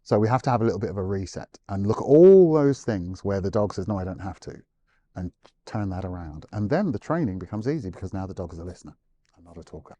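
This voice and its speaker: A man speaks as an animal behaviourist guest in an interview, explaining at a quick clip. His voice sits low and mellow. He animates his points by acting out what owners and dogs might say. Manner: animated storyteller, acts out quotes.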